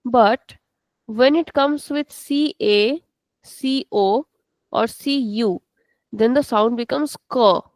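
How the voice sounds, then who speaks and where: Woman, online teacher, patient, repeats words, gravelly, dry sound. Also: on the high side, darkish tone, no echo. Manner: patient, explains slowly and repeats words for students. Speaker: Portuguese teacher. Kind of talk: live online class teaching.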